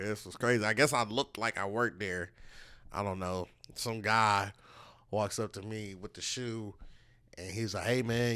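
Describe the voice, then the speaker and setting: A Texan man hosts a comedy podcast, spinning loose, profane anecdotes in casual chat and acting out the voices of people in his stories. His voice is on the low side with a fairly bright tone, close and dry with no room sound around it.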